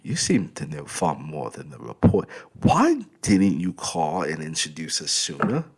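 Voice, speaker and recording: A man's voice: a bass voice, huge pitch swings, measured pace, a little mellow, breathy edge, full character voice. A man voicing a cheerful, tall middle-aged uncle who talks in an upbeat, eager way. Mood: businesslike.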